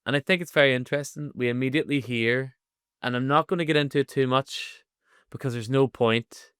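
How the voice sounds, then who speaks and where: A man co-hosting a podcast, running through an episode in a lively, sweary way and laughing often. His voice is smooth and clear, recorded close and dry with no room sound. He sits at a mid pitch for a man. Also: a little fast, dry recording. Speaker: podcast co-host. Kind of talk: casual chat recapping an episode.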